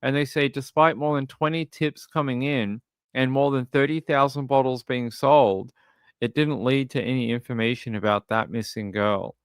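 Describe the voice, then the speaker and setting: An Australian man hosts a true crime livestream, reading out case details before chatting loosely and ramblingly with viewers. His mid-range voice stays steady at normal speed, and the sound is smooth with no echo.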